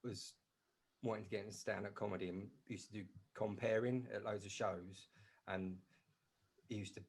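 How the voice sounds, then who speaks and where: A man's voice: fairly low pitch, fairly even intonation, normal speed, breathy edge. A man co-hosting a podcast, chatting casually and trailing off as he searches for words. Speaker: podcast co-host. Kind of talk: casual chat.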